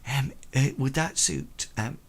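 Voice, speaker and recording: A man's voice: medium pitch, very animated, measured pace, husky, pitched above the performer's own voice, exaggerated voice. A man putting on a French accent to play a polite, fussy French governess in a tabletop game. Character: prim French female governess.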